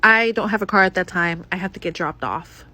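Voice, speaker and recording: Bright-voiced woman telling a candid story. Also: lowish voice, a little fast. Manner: candid, profane, laughing storyteller. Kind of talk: casual storytime monologue.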